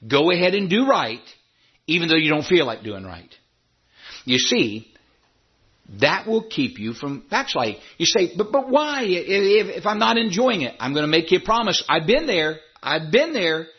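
A man preaching a sermon as pastor, emphatic, his voice jumping high when he imitates doubters. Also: big pitch swings, moderate pace, slightly rough, highs cut off.

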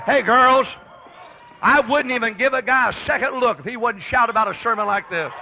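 Revival preacher, a man, high gravelly voice, thunders and repeats his calls. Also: quick pace, a crowd in the background, noisy background. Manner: shouting, thundering, repetitive exhortation. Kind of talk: fiery revival sermon. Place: church service with congregation.

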